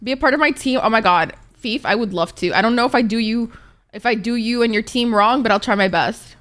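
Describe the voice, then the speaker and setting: This woman's slightly high, somewhat bright voice moves briskly as she streams on Twitch. She answers chat in a loose, easygoing ramble, swearing freely throughout.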